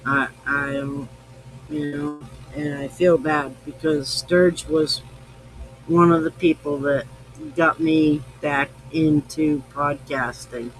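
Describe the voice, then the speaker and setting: Tipsy, rambling high-voiced man. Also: steady tone, takes it slowly, fairly bright tone, soft background music, poor audio. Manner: rambling, profane, affectionate. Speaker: podcast host. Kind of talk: casual live-stream chat.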